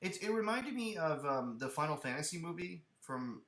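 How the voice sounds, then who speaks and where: Man, podcast co-host, casual movie chat, animated, restarts sentences, bright voice, roomy echo. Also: a little high, normal speed. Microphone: headphones and studio mic.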